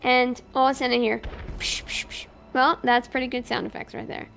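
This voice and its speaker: A woman's voice: fairly high pitch, level tone, quick pace, gravelly, fairly bright tone. A woman streamer playing a police officer in a roleplay, animatedly recounting events and acting out both sides of the dialogue. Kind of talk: in-character roleplay storytelling.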